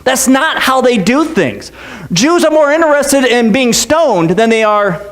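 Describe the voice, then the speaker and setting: High-voiced joking pastor. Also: male voice, lively intonation, unhurried, fairly bright tone. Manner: joking, conversational, many "okay"s and restarts. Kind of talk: casual sermon. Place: church.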